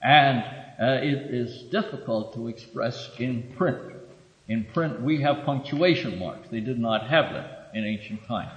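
A man giving a sermon-style Bible lesson, halting with many filler pauses and lifting his voice to read verses. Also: mid-range voice. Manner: reads verses aloud with raised emphasis. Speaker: preacher teaching from scripture. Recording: dull echoey recording from a hall.

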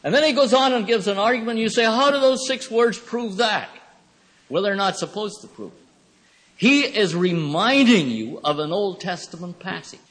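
A man giving a Bible lecture in a thoughtful, rambling way, with pauses and fillers. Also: high-pitched, lively intonation, fairly bright tone. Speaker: Bible teacher. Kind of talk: classroom lecture. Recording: reverberant hall recording.

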